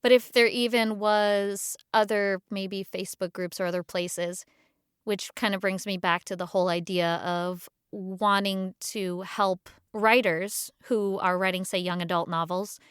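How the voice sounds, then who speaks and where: A woman voice actor talking in an interview, animated and emphatic, acting out her own reactions. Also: medium pitch, a little slow, clean tone, no echo, studio quality. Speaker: guest voice actor and audio describer. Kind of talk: conversational interview.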